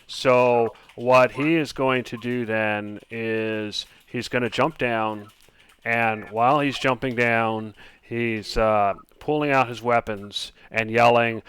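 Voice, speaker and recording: A man narrating a tabletop game as game master, halting often with ums and uhs. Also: mid-range voice, fairly even intonation, fairly bright tone, smooth.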